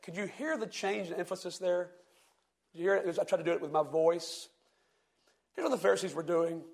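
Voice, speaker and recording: Gravelly high-voiced man preaching. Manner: reads scripture slowly with heavy emphasis, asks the congregation questions. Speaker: pastor. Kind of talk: sermon.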